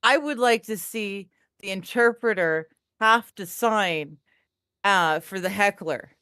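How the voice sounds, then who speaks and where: A woman's voice: medium pitch, takes it slowly, sharp tone, smooth, no room sound, clean studio sound. A woman co-hosting a live stream, reading chat comments aloud and teasing the host with frequent giggles.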